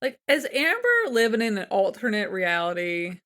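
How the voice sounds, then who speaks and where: A woman's voice: medium pitch, moderate pace. Amused woman narrating a recap. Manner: relaxed, amused, narrates the episode. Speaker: podcast co-host. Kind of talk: casual recap chat.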